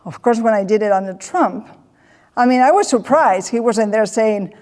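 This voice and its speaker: A woman with a fairly high voice tells funny personal stories to an audience. She is animated and slips into the voices of the people she quotes. Her words ring with the long reverb of a hall. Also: moderate pace. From Spain. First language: Spanish. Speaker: presenter. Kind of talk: comedic personal storytelling talk.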